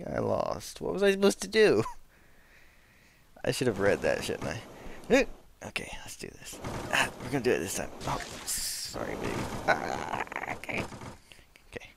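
Male let's-play host, gravelly and excitable, swings wildly from low to high, slow delivery, slight hiss under it. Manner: excitable, yelps and laughs at the action. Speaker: gaming channel host.

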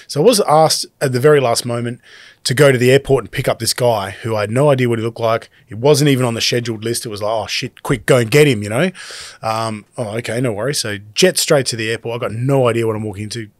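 Middle-aged Australian guy, lively and loose, swears freely; dry close sound, mid-pitched voice. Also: dry recording. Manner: animated, swears freely, quick bursts. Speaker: guest DJ. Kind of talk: casual storytelling.

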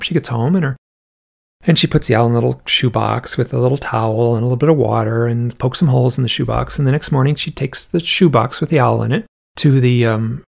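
A man's voice: mid-range voice, gravelly, slightly rough. A man, an interview guest, telling a story in a casual, rambling way with lots of "like" asides, acting out the voices of the people in it. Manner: acts out the quoted voices in the story.

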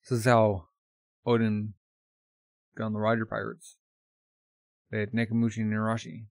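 A man's voice: lowish voice, completely flat delivery, gravelly, darkish tone, no echo, clean studio sound. Chatty man reacting to a comic. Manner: chatty, filler-heavy, quick to laugh. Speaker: reaction video host. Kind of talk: casual reading and reaction commentary.

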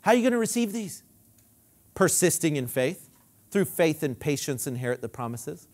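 A man preaching a sermon as pastor, emphatic and repetitive, dropping low and quiet when he quotes scripture. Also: big pitch swings, moderate pace. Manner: emphatic preaching with repeated phrases.

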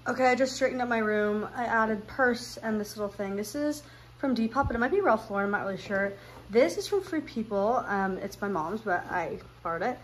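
A woman's voice: a little high, fairly quick, poor audio. A young woman talking casually to camera for her vlog, rambling with lots of fillers and laughing often. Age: young adult. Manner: rambling, filler-heavy, giggly. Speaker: vlogger.

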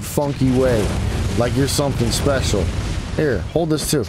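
A man's voice: normal speed, noisy background. A man commentating his own gameplay, taunting enemies and his voice shooting up when frustrated. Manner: trash-talks enemies, voice jumping high when frustrated. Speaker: gaming YouTuber. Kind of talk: let's play commentary. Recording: game sounds behind voice.

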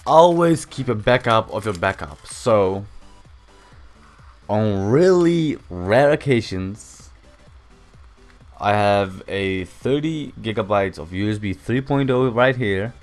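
A man's voice: on the low side, animated, slow pace, faint music behind. A young man casually talking through a game tutorial at home, rambling and swearing often. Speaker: gaming channel host. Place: home room.

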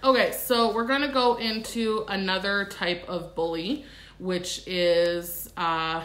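A woman hosting a live stream, giving advice to fellow groomers in a brisk, matter-of-fact way. Her mid-range voice sits in an echoey room. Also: mid-range voice, fairly even intonation, a bit bright. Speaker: host, pet groomer. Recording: roomy echo.

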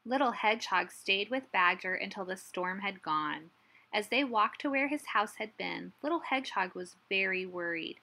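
A woman teacher reading a picture book aloud with gentle, expressive storytelling. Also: mid-range voice, moderate pace, vocal fry.

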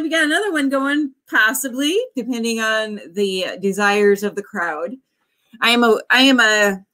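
A woman's voice: fairly high pitch, fairly bright tone. A woman in her forties, an author hosting a writing sprint livestream in a casual, bubbly way, often cheering her viewers on with whoops. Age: 40s.

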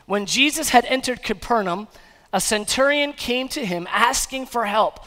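A male pastor preaching a lively sermon in church, acting out the crowd's reactions and building to rousing repeated questions. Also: very high-pitched, normal speed. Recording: long church-hall reverb.

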